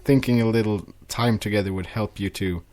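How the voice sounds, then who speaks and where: A man's voice: fairly low pitch, fairly even intonation, fairly quick, darkish tone, lightly acted. A man reading aloud and voicing a playful grown female pony princess who teases with a sly manner. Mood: teasing. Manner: sly and teasing.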